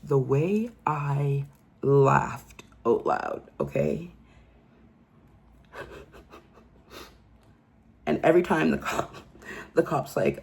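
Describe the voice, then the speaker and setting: A woman's voice: low-pitched, extremely slow, gravelly, long pauses, darkish tone. A woman giving a casual true crime commentary, telling the story emphatically and incredulously and often asking "okay?".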